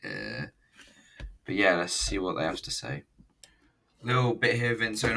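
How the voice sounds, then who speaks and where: A man's voice: sits low, animated, unhurried, gravelly, pauses often, recorded from a distance, heavy background noise. A man casually reviewing an old wrestling event, rambling, swearing and joking as he watches. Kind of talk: casual video commentary.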